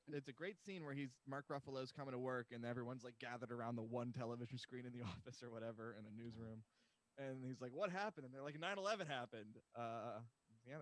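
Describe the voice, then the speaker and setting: A man's voice: mid-range voice, dry recording. A young man from Massachusetts co-hosting a comedy podcast, rambling and self-deprecating in casual chat. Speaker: podcast co-host.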